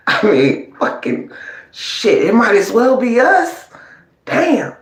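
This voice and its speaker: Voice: mid-range voice, vocal fry, a bit bright. An online commentator in a mocking, profane, taunting rant, gloating at opponents. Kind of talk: ranting livestream commentary. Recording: roomy echo.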